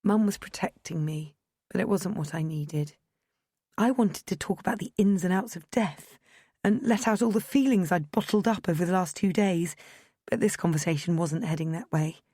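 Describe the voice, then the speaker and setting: A woman narrating a first-person audiobook in a measured, gently expressive storytelling manner, recorded on a close studio mic. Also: fairly low pitch, dry recording.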